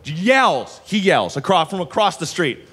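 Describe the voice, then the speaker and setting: A man's voice: a little high, animated, normal speed, fairly bright tone. A man performing a stand-up comedy set on stage, telling a rambling story with lots of asides. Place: live comedy venue on stage.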